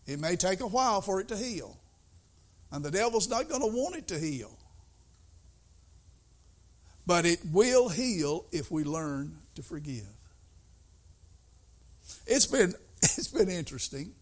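A middle-aged man preaching a sermon, folksy and storytelling, swinging between soft asides and loud bursts. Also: high-pitched, big pitch swings, unhurried, long pauses.

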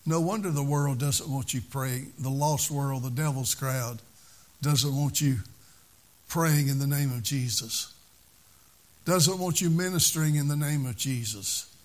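A man's voice: medium pitch, measured pace. A man preaching a sermon at a church service, with a fervent, repetitive preaching cadence.

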